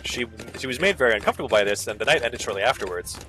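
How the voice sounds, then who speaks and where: A man casually commenting over a video game, ranting and sarcastic, swearing freely and jumping into squeaky high bits. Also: animated, rapid-fire, sharp tone, slight background noise. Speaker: gaming video host.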